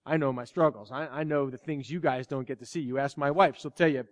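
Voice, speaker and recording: A man preaching a sermon as pastor, animated, dropping to a hush and acting out quoted lines. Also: medium pitch, fairly quick. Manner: animated, swings from loud to hushed, acts out quotes. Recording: long hall reverb.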